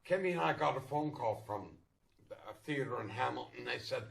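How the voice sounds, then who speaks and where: A man's voice: mid-range voice, animated, fairly quick, vocal fry. A man, a stage performer, telling a wry theater anecdote with chuckles along the way. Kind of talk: anecdotal storytelling.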